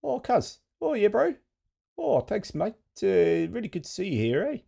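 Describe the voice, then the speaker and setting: A man's voice: high voice, huge pitch swings, normal speed, creaky, warm tone, slightly rough, voice pushed up, heavily acted. A man voicing a jovial New Zealand bloke with a New Zealand accent, thanking a friend in exaggerated, jokey slang.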